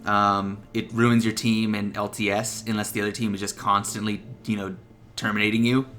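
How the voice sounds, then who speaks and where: Young male gaming creator, bright tone, casual profane tips delivery, light music underneath. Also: on the low side, level tone, normal speed. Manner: loose and profane, laughing at his own jokes. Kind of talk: casual gameplay tips commentary.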